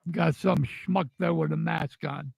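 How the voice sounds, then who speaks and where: An older man with a rough, gravelly voice pitched fairly high. He speaks slowly and bluntly, angry and profane as he rants about his grievances. The recording is close and dry. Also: steady tone, darkish tone, dry recording, low-quality recording. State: upset. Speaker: vlogger telling personal stories. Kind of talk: casual storytelling rant.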